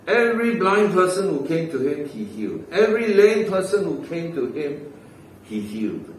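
A man preaching a sermon and leading a prayer, rising sharply on key words and falling low at the ends of phrases, with frequent "uh" and "right?". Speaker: pastor. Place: church hall. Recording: very echoey hall, voice from far off, faint hiss.

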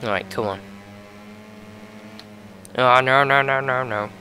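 A young man giving excitable play-by-play commentary on a racing game, his voice going a bit hoarse. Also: mid-range voice, slow, a little hiss or hum. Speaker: gaming video host.

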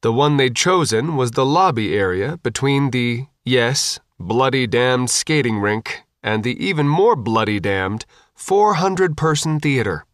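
The narrator, a man, reads an audiobook with a measured, even storytelling delivery. He has a mid-range voice, recorded at studio quality with no room sound.

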